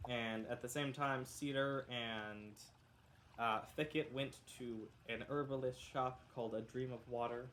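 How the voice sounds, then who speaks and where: A man's voice: mid-range voice, fairly even intonation, measured pace, a bit bright, slight background noise. Rambling male game master with a cough. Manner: rambling, self-correcting, joking. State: coughing, sounds unwell. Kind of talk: casual tabletop game recap.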